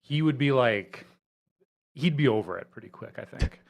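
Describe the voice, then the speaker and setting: A man's voice: mid-range voice, lively intonation, normal speed, vocal fry. A man chatting on a podcast, hesitant and repeating words, with a dry sense of humor. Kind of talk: casual chat.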